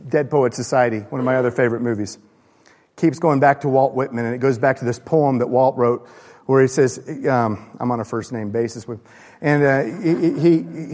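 A man preaching a sermon, impassioned, swinging from loud raised bursts to low hushed lines. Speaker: pastor. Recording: long hall reverb.

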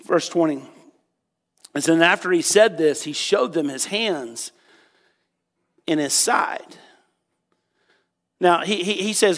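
Slowly and with long pauses, a pastor gives a sermon in a notably high, slightly bright voice, casually joking as he retells the story and filling it with "you know" and "um." A long reverb carries his words, as in a big church sanctuary.

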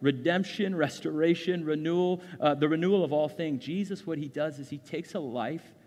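A man's voice: on the high side, normal speed, a little mellow. A man in his thirties preaching a sermon, earnest and conversational, often checking in with "right?". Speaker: pastor. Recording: long hall reverb.

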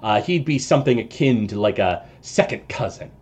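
A man's voice: on the low side, animated, moderate pace, darkish tone, husky. A man voicing a nervous, formal male house servant in a tabletop game, speaking hesitantly and adding "sir" often. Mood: deferential.

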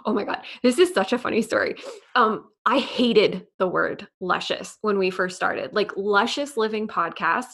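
A woman from New York with a New York accent and a slight lisp, a podcast guest telling stories in a chatty, animated way. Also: mid-range voice, moderate pace, vocal fry. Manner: chatty, animated storytelling with lots of "like". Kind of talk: casual interview chat.

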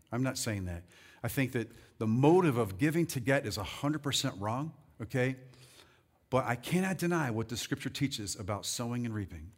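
A male pastor preaching a sermon, rallying the congregation and reading scripture slowly and deliberately. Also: medium pitch. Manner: animated, rallies the crowd with "come on".

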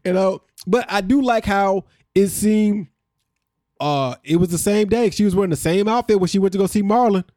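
A man's voice: high-pitched, expressive, normal speed, dark tone, no room sound, clean studio sound. A man co-hosting a podcast, casually recapping episode events in a storytelling way and laughing often. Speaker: podcast co-host.

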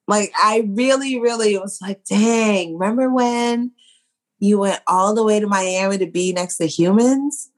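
Woman podcast co-host, loose and tipsy, rambling casual chat. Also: medium pitch.

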